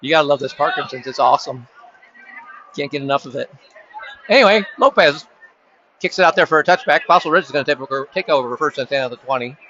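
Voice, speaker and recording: Casting: male local sports announcer, rambling and jokey, bright voice, faint crowd noise behind. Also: medium pitch, fast talker. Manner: chatty, rambling, jokes aside to friends. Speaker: play-by-play announcer. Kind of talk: casual local sports commentary. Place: high school football stadium. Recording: dull lo-fi sound with faint crowd ambience.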